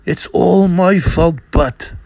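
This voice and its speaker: A man's voice: high-pitched, takes it slowly, creaky, darkish tone, no room sound, pitched above the performer's own voice, heavily acted. A man voicing a weak, pained teen boy. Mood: pained, insistent.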